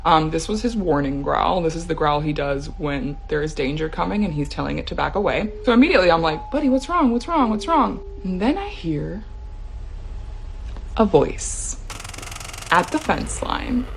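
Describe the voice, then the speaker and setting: A woman's voice: deep voice, animated, normal speed, gravelly, a little hiss or hum. A woman casually telling a true scary story about herself, chatty, with fillers and the odd nervous laugh. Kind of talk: casual first-person storytelling.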